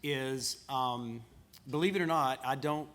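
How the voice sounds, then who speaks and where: A man's voice: medium pitch, unhurried, fairly bright tone. A man with a Southern American accent chatting on a panel in a laid-back, self-deprecating way. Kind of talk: casual panel discussion. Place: conference panel room.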